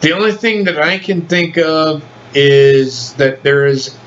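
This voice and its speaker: A man's voice: a little high, takes it slowly, muffled recording, a little hiss or hum. A man hosting a casual podcast chat, talking bluntly and swearing freely. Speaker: podcast host.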